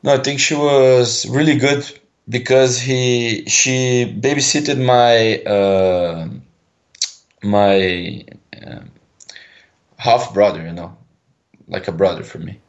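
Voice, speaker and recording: A man in his twenties with a Brazilian Portuguese accent, calling in and speaking English slowly with many pauses as he searches for words. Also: medium pitch, steady tone, highs cut off. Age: 20s. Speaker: caller.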